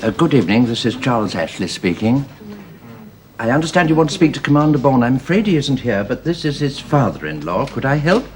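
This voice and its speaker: An actor playing a polite, flustered elderly English gentleman who speaks formally and hesitates often. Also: mid-range voice, big pitch swings, a little fast, natural voice. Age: older. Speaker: grandfather of the household. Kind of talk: 1930s period radio drama.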